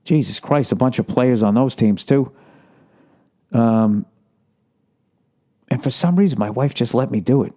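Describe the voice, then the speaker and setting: A man's voice: mid-range voice, a little slow, pauses often, dark tone. A man hosting a solo podcast, ranting about sports in a profane, sarcastic way. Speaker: podcast host.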